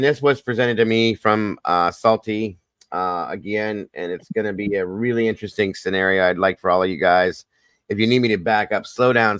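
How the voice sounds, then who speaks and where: A man's voice: on the low side, a bit bright, smooth, no echo. A man with a Southern US accent hosting a casual livestream chat, folksy, repetitive and upbeat. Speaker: host.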